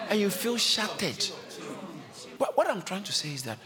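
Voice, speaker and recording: A man preaching a sermon in a church, exhorting and repeating his point, moving from low calm passages to shouted peaks. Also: moderate pace. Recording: live church crowd responding.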